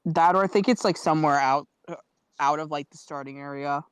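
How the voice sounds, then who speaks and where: Casual male co-player, smooth clear voice, dry close sound. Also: fairly high pitch, no echo. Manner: loose, swearing, halting. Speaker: co-player on stream. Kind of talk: casual game-stream chat.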